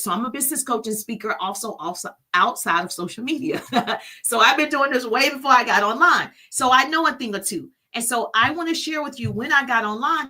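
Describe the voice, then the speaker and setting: A woman's voice: fairly high pitch, sharp tone. A middle-aged woman business coach hosting a live stream from her phone, energetically hyping viewers by name and teaching.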